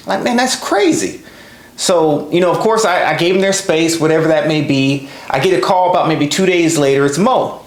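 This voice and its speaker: A man in his thirties telling a personal story as a podcast host, relaxed and conversational with lively asides. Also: a little high, moderate pace. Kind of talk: casual storytelling. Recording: roomy echo.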